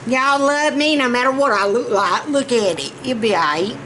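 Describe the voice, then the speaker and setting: A woman's voice: fairly high pitch, expressive, moderate pace, sharp tone. A Southern woman talking casually while cooking at home, chatty and a bit out of breath, with a fan running behind her. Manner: chatty, folksy, rambling. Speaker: vlogger. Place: home kitchen. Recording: noisy room with fan running.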